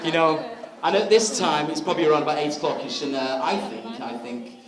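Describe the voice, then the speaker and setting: A man's voice: on the high side, fairly quick. A man giving a wedding speech, telling a story in a chatty way. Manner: chatty storytelling, frequent laughs. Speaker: wedding speaker. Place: wedding reception hall. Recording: echoey hall with crowd.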